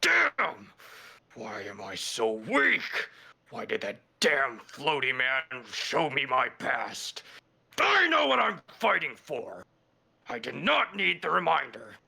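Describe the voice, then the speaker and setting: A man's voice: mid-range voice, wildly swooping pitch, slow pace, creaky, bright, forceful tone, slightly rough, full character voice. A man voicing an angry young male fighter in a tabletop game, muttering furiously to himself. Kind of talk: tabletop role-play, in character.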